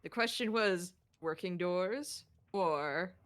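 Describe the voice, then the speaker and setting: A woman's voice: fairly low pitch, slow, fairly bright tone. A young woman who made the game, chatting casually about its design with stammering restarts. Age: young adult. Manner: hesitant, stammering restarts, laughing asides. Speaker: game developer commenting. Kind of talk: casual developer commentary.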